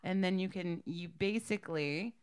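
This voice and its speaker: A woman's voice: on the low side, moderate pace, clean tone. A woman co-hosting a casual podcast chat, chatty and enthusiastic.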